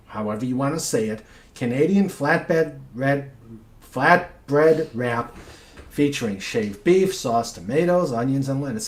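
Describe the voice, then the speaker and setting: A man's voice: on the high side, echoey room. A man hosting a casual chat show, reading out odd news stories with asides. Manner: slow, reads news items aloud with asides. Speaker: host.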